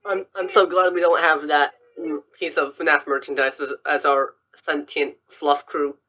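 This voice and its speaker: A man hosting a casual chat on a call, playful and stumbling over his words with quick restarts. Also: on the high side, little pitch movement, pushed and bright, rough recording. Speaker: host.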